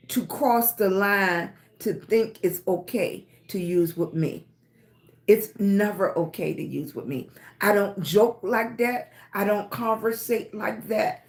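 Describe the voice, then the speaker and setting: A middle-aged woman with a mid-range voice hosts a livestream and gives a casual, emphatic motivational talk. She repeats her points and keeps checking in with "okay?" and "right?"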